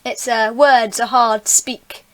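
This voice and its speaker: A woman with a fairly high-pitched voice hosts a relaxed gaming podcast. She chats easily and laughs often. She rambles a little as she reads out event details. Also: a little slow, a little hiss or hum. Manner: giggly, chatty, reads out details. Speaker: podcast host. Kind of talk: casual podcast chat.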